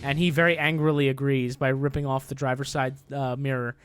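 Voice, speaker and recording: A man co-hosting a casual podcast, animated as he recaps an episode, swearing casually. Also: mid-range voice, a little fast, clean tone. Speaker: podcast co-host. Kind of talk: casual chat.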